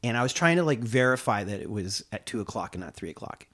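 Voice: mid-range voice, big pitch swings, quick pace, fairly bright tone. A host in their forties running a casual interview, chatty and self-deprecating. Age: 40s. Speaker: podcast host.

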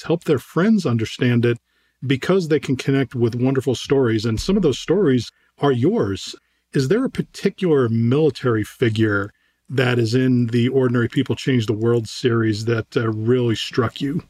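A middle-aged man hosting an interview, speaking in a measured, sincere way. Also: mid-range voice, lively intonation, a little mellow, breathy edge. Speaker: interview host, CEO. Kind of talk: interview question.

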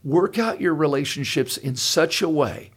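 A man's voice: on the high side, a little slow, slightly rough. An older man hosting a podcast, talking earnestly and telling stories with lots of restarts. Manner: earnest and animated storyteller with frequent restarts. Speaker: pastor and podcast host. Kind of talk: casual podcast conversation.

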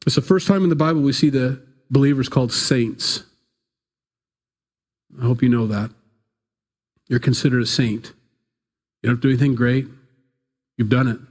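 A pastor with a mid-range voice and fairly even intonation preaches at a moderate pace, pausing often. His sermon is casual and conversational, told as a story with playful asides, and he acts out biblical characters in playful voices.

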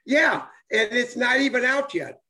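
This older man speaks with a lilt, and his voice sits higher than most men's. His casual chat rambles with enthusiasm, stumbling over fillers and restarts as he chases his point. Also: lively intonation, unhurried, pushed and bright. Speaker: former ballplayer and author. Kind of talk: casual chat on a live stream.

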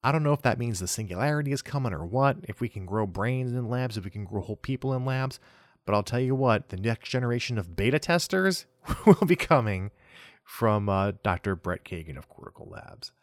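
A young adult man hosting a solo gaming news podcast. He talks in a relaxed, chatty way, often trailing off and restarting, and chuckles at himself. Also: medium pitch, fairly quick, dry recording, clean studio sound. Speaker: podcast host.

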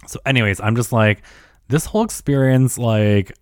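A man's voice: medium pitch, normal speed, darkish tone, no echo. A young man rambling through a story in a casual monologue, filling nearly every phrase with "like", swearing often and getting worked up. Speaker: storyteller recounting a night out.

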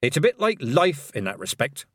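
A man's voice: fairly high pitch, very animated, fairly bright tone, no echo, voice pushed up. Granny Weatherwax, a curt old witch, read by a man. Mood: stern. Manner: slow, clipped and dry. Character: stern older witch, curt and commanding.

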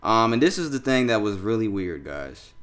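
A young man hosting a casual sports chat, loose and animated, swearing freely as he talks through the news. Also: on the low side, normal speed. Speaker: podcast host.

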